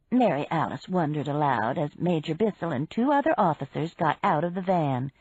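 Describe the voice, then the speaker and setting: A woman narrates a mystery audiobook in a husky voice, unhurried and expressive. Her pitch moves a lot and she takes her time. The recording is dry and dull, like lo-fi. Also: no room sound.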